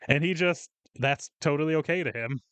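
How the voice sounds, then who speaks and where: A man's voice: on the high side, fairly quick, a bit bright, clean tone, no echo. A man co-hosting a casual podcast, venting profanely about coworkers and acting out their lines. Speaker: podcast co-host.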